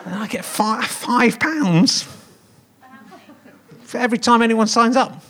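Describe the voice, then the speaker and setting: A man's voice: extremely high pitch, a little slow, fairly bright tone. A man in his fifties hosting a live comedy podcast on a theatre stage, rambling and jokey as he teases the audience. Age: 50s.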